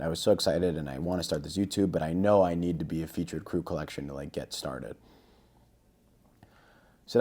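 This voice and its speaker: A man's voice: rumbling low, a little fast, pauses often. A man on a podcast as a guest, telling a casual story and acting out the dialogue. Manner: lively anecdote-telling, acting out quoted dialogue.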